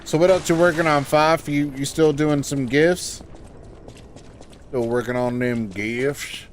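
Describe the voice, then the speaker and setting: A man casually commenting and reacting out loud as he plays a game. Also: on the high side, fairly even intonation, unhurried, background noise. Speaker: gamer.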